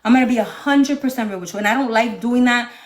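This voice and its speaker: A woman from the northeastern United States ranting on a phone livestream from her home, loud, profane and confrontational. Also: fairly high pitch, quick pace. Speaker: livestream host. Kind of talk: heated livestream rant.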